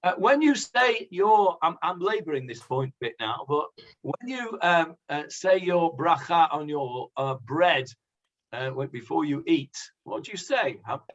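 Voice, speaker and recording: A man, a rabbi, leading a conversational Bible class, pausing with many fillers and asking the class questions. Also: fairly high pitch, lively intonation, fairly bright tone. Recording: dull lo-fi sound.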